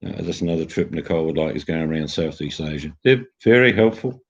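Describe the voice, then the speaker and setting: Gravelly deep older Australian man. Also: lively intonation, fast. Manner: chatty storyteller, jokey. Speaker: livestream host. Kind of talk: casual chat. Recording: dull lo-fi sound.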